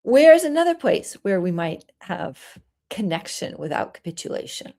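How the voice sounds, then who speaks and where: A woman parenting coach giving a solo talk, explaining calmly and acting out soothing things a parent might say. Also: fairly low pitch, normal speed, vocal fry. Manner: gentle, explanatory, acts out soothing parent lines.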